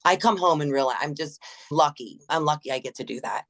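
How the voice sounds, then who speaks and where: A woman's voice: deep voice, fairly quick, hardly any pauses. A middle-aged woman, a gym manager, chatting in an interview, telling stories with laughs and acted-out quotes. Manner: animated, laughs often, acts out quoted voices. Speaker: gym general manager, guest. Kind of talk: casual interview storytelling.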